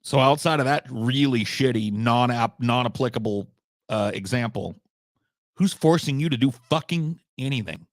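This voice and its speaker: A man's voice: mid-range voice, moderate pace, dry recording, clean studio sound. A man giving casual reaction commentary on a video, sarcastic, profane and exasperated.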